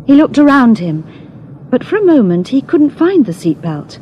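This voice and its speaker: A woman narrating a graded reader story with clear, careful storytelling. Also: high voice, very animated, normal speed, mellow, slight background noise. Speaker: audiobook narrator.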